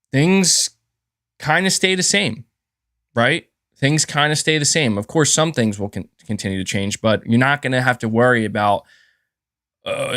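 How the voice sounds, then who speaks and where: A man's voice: mid-range voice, fairly bright tone, dry recording, studio quality. A man hosting a live stream, giving heated, profane commentary and reading out chat messages. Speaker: livestream host.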